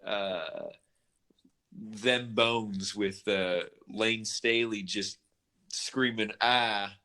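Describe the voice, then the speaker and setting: A man co-hosting a casual music podcast, chatty and animated, often restarting and correcting himself. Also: on the low side, extremely slow. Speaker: podcast co-host.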